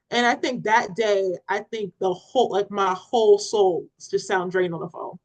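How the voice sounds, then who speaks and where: A woman's voice: mid-range voice, normal speed, few pauses, rough recording. A woman co-hosting a parenting podcast, telling a story in casual chat and acting out what people said, with laughter. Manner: animated, retells scenes with acted-out quotes and laughter.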